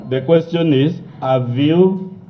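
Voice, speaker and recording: A man's voice: on the high side, takes it slowly, dull audio, slight background noise. A man, a lawyer, cross-examining a witness at a hearing with firm, clipped questions.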